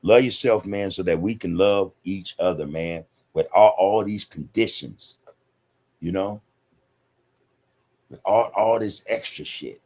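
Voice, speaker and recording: A man's voice: deep voice, unhurried, darkish tone. A man hosting a casual livestream podcast and reading viewer comments. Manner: laid-back, laughs often, says "man" a lot. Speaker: podcast host reading live chat.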